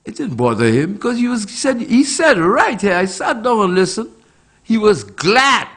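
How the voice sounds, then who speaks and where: A middle-aged man with a strikingly high, bright voice delivers impassioned political commentary. He talks slowly and with heavy emphasis, piling up rhetorical questions while his pitch leaps up and down. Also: big pitch swings.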